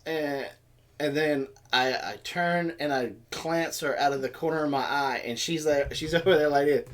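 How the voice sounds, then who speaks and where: A man's voice: on the high side, steady tone, normal speed. A man co-hosting a livestream, telling a story in casual chat and acting out other people's voices and sounds. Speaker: co-host of a homestead livestream.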